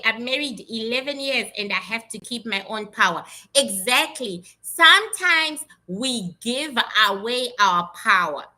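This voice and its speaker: A woman psychic medium chatting casually, telling animated stories from her readings in blunt, salty language. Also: fairly high pitch. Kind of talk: casual livestream chat.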